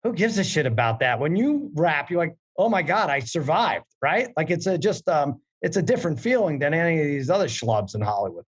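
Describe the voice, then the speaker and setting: A male host with a slightly high voice, joking around with his guest. He tells stories playfully and lively, with a teasing edge. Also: a little fast, few pauses, breathy edge. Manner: playful, joking, animated storytelling. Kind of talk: casual interview chat.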